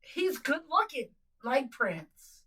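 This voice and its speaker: A woman co-hosting a podcast in casual, animated chat, teasing and laughing often. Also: high voice, takes it slowly, recorded from a distance, slight background noise, rough recording. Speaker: podcast co-host.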